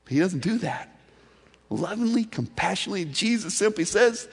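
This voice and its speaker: A male pastor preaching a sermon in a storytelling way, swinging from loud emphasis to soft, intimate delivery. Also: high-pitched, lively intonation, moderate pace, slightly rough, long reverb tail.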